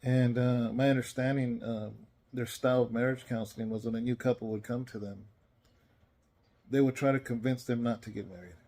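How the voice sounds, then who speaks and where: A man's voice: mid-range voice, fairly even intonation, a little fast, mellow. A tired man speaking as a pastor, giving an earnest, rambling, conversational devotional message he recorded himself. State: tired, yawning. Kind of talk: casual spoken devotional message. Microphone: self-recorded.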